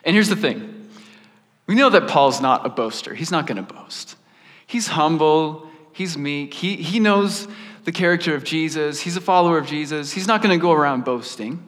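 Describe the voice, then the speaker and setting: Male preacher, fairly high voice, casual chatty sermon, long hall reverb. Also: moderate pace. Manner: animated, laid-back, peppered with "like".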